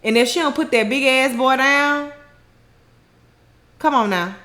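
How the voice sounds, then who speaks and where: A woman's voice: sits high, a little slow, bright, forceful tone. A woman casually recapping a TV episode, retelling scenes in her own words with slang and frequent laughter. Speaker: recap host.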